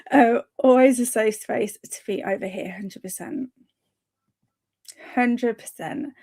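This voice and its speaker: A woman's voice: a little high, slow pace, pauses often, dark tone, husky. A woman hosting a reading livestream, chatting casually, reading viewer comments aloud and encouraging them with frequent small laughs. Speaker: livestream host of reading sprints.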